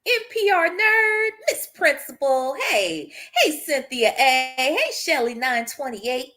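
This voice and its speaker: A woman hosts a casual live stream, calling out viewers' names with an animated, teasing energy. Her voice sits high and swoops all over, and she takes her time with each word. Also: slow pace. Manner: animated, greets viewers by name, chuckles often. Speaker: livestream host.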